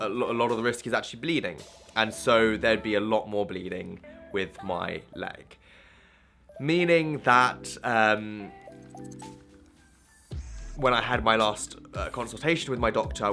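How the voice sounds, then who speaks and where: A man's voice: on the low side, pushed and bright. Candid young man, rambling talk to camera. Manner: candid, rambling with frequent restarts and fillers. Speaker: vlogger.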